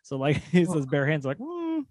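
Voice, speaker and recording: Wry, slightly high-voiced man joking around. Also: fairly even intonation, brisk, a little mellow, dry recording. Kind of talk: casual chat.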